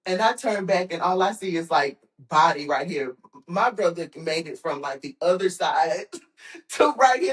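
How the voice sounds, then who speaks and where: Lively woman telling stories, roomy sound. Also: measured pace. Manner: animated, laughs often, acts out quotes in a high voice. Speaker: podcast guest. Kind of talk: casual storytelling chat. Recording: roomy echoing room.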